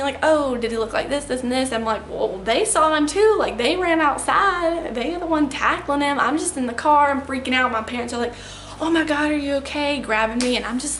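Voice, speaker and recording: A woman's voice: fairly high pitch, a bit bright. A young woman telling a storytime vlog in a chatty, rambling way, peppering her retelling with "like". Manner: chatty, filler-heavy retelling with lots of "like". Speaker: vlogger. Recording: echoey room with faint ambient noise.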